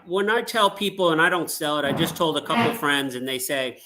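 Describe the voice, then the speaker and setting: A man co-host asking questions in a casual interview from a loud room. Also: a little high, lively intonation, normal speed, poor audio. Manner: apologetic, questioning.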